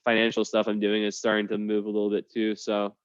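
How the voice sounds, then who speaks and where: A man's voice: on the low side, monotone, quick pace, clear, resonant tone, no echo, highs cut off. A man hosting a casual group video chat, rambling with many fillers and restarts. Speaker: host.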